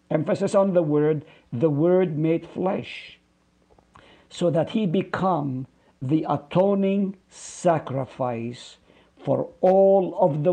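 A man's voice: a little high, dark tone, breathy edge. A middle-aged man, a pastor, teaching a Bible study in an earnest, preacherly way, repeating phrases for emphasis and drawing out Hebrew words. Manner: explains Hebrew words slowly, drawing them out.

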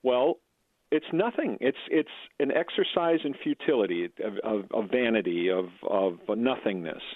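Male co-host, Bible chat, halting and earnest, phone-quality audio. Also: mid-range voice, expressive, dry recording. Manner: earnest, halting with repeated words. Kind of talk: casual Bible discussion. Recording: tinny phone-like line.

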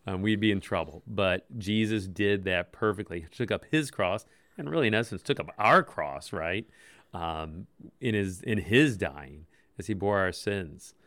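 A man's voice: low-pitched, expressive, unhurried, a bit bright, dry recording. A man co-hosting a Bible-study radio show, talking through scripture in an easygoing way, thinking aloud. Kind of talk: conversational Bible discussion.

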